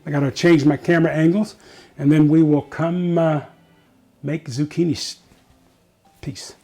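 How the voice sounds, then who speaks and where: A man's voice: fairly high pitch, steady tone, measured pace, mellow, soft background music. A man hosting a casual home cooking show, chatting to viewers and joking at himself as he cooks in his kitchen.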